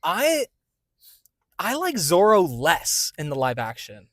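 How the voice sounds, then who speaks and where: A man co-hosting a movie podcast in casual chat, animated and quick to laugh. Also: a little high, dry recording. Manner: animated, excitable, laughs easily. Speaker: podcast co-host. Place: in a parked car.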